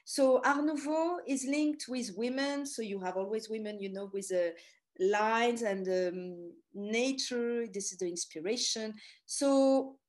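A middle-aged woman from France with a French accent, telling stories in an animated, chatty presentation full of asides. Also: a little high, unhurried. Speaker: tour guide giving a talk. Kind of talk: storytelling presentation.

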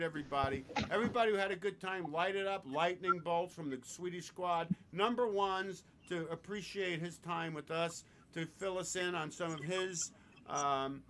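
A man hosting a casual podcast, swearing freely and telling jokes with big swings between loud and murmured delivery. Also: a little high, noisy background. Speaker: show host.

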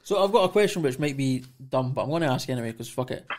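A man co-hosting a podcast, asking a halting, uncertain question. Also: medium pitch, lively intonation. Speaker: podcast co-host. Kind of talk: casual interview chat.

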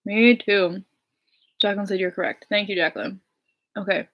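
A woman's voice: mid-range voice, fairly even intonation, normal speed, a bit bright. A young woman musician chatting on a livestream, giddy and gushing, laughing often. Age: young adult. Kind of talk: casual livestream chat. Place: home.

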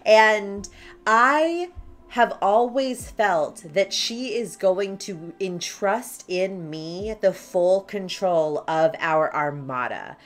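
A woman playing a tabletop storytelling game with friends, talking in an animated, gleeful and playful way. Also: mid-range voice, extremely slow. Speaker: player.

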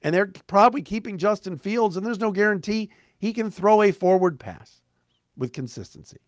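A man's voice: sits high, animated, moderate pace, no room sound, clean studio sound. A middle-aged man hosting a sports podcast, delivering a blunt, emphatic, sarcastic monologue. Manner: blunt, emphatic, sarcastic, mocks fans in put-on voices.

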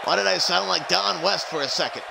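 Male stream commentator, announcer energy, high and very gravelly. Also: a little fast, over a noisy crowd, very noisy. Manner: hype announcer, chatting to live stream viewers. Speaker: wrestling commentator. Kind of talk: play-by-play commentary of a video game wrestling show.

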